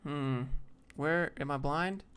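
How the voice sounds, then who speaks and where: A man's voice: on the high side, slow, a bit bright, smooth. A young man hosting a casual live stream, thinking aloud as he browses job listings and answers viewers.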